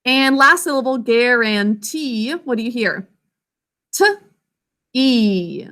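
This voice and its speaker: Slow, bright-voiced woman teacher. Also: high voice, lively intonation, a little hiss or hum. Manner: slow, clear, sounding words out syllable by syllable. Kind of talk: online class lesson, spelling instruction.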